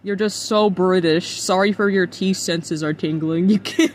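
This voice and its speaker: A man's voice: high voice, fairly even intonation, moderate pace, slight background noise. A man from the United States streaming casual reaction commentary, incredulous and profane, laughing often.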